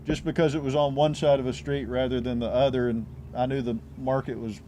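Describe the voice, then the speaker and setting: A man's voice: mid-range voice, level tone, a little fast, mellow. Easygoing man, faint background hiss. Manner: easygoing, restarts phrases often. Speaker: real estate agent. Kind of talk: casual interview answers.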